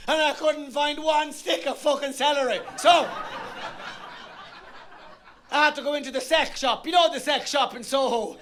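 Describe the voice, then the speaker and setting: A man's voice: extremely high pitch, fairly even intonation, normal speed, pauses often, sharp tone. A middle-aged Irish man doing a bawdy stand-up routine on a theatre stage, telling rowdy stories and bellowing his punchlines. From Ireland. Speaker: stand-up comedian.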